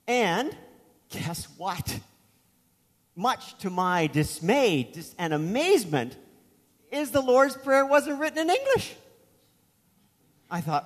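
A man's voice: high voice, very animated, measured pace, in a large hall. A man preaching a sermon as pastor, telling a story in a conversational way with asides.

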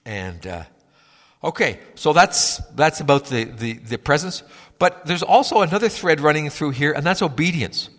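A man preaching a sermon in a conversational, halting way, often repeating words as he gathers his thoughts. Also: fairly high pitch, animated, fairly bright tone, big-room sound. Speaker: pastor.

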